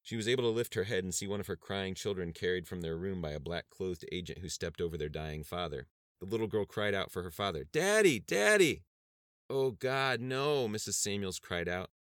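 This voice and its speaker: A man narrating an audiobook chapter in a steady, measured reading style. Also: low-pitched, no echo, studio quality. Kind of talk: scripted narration.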